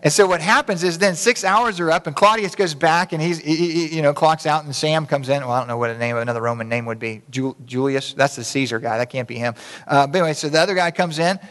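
A man's voice: on the high side, fast, fairly bright tone. A man preaching a sermon in a conversational, folksy way, with asides to the congregation. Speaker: pastor. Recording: reverberant hall.

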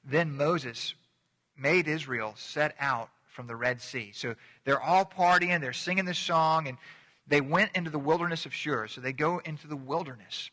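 A man's voice: on the high side, normal speed, bright, forceful tone. A man preaching a sermon as a pastor, in a conversational manner, often restarting and repeating words. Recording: long hall reverb.

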